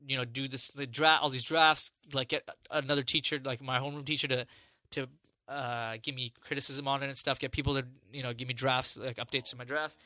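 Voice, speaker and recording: A young man on a podcast telling a story in casual chat, animated and swearing freely, acting out what people said. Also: mid-range voice, a little fast, dry recording.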